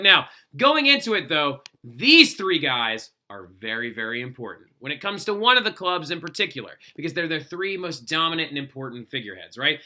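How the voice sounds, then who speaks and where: A man's voice: fairly high pitch, pushed and bright. A young man teaching a history lesson in a chatty, casual way, peppering his talk with "like" and "right?". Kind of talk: recorded classroom lesson.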